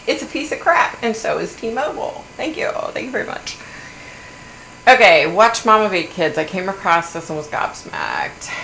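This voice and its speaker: A middle-aged woman hosting a livestream, chatting in a blunt, animated way and swearing now and then. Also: on the low side, vocal fry. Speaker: livestream host. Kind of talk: casual gossipy chat. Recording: echoey room, faint hum.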